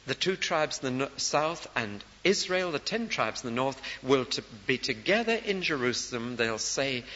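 A man preaching a sermon, telling a story dramatically and rising to loud, emphatic peaks. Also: mid-range voice, expressive, moderate pace, few pauses, big-room sound, muffled recording, a little hiss or hum.

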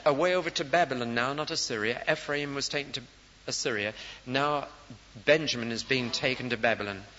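A man preaching a sermon, telling a story dramatically and rising to loud, emphatic peaks. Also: medium pitch, big-room sound, dull audio, slight background noise.

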